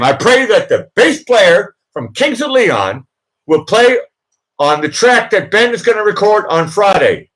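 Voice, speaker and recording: A man's voice: wildly swooping pitch, measured pace. A man with a Boston accent, hosting a live chat and coaching a nervous guest with repeated mantras. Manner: emphatic, repetitive coaching, swings loud and high on mantras. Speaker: host and producer. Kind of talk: live chat pep talk.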